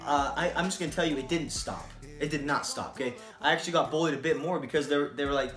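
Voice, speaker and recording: A man telling a personal story to camera in a casual, animated and profane way, often checking in with "right?". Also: medium pitch, quick pace, hardly any pauses. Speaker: vlogger. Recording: roomy echo, faint music.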